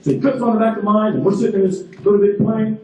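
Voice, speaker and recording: High-voiced man speaking in an echoing hall. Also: very fast, warm tone, lo-fi sound. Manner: storytelling, emphatic, repeats phrases. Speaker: graduation ceremony speaker. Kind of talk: motivational ceremony speech. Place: large ceremony hall. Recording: echoey hall, voice from far off.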